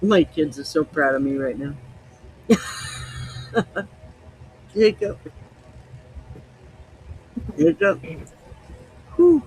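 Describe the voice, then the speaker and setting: A man with a fairly high voice rambles slowly and easily through a casual podcast chat. His unhurried talk wanders from one story to the next. A faint hum of a vehicle sits behind him. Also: very animated, darkish tone, low-quality recording. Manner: rambling, loose, easygoing storytelling. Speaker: podcast host. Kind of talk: casual chat while tasting liquor.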